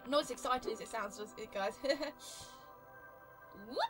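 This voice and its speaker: A young woman with an exaggerated British accent giving chatty, excitable gameplay commentary as a let's play host. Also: fairly high pitch, fast, music in the background.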